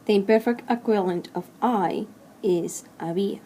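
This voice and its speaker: Female language teacher, mellow tone, measured drilling delivery, faint hiss behind. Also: medium pitch. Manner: slow, clear drilling of verb forms. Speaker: Spanish teacher. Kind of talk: recorded grammar lesson.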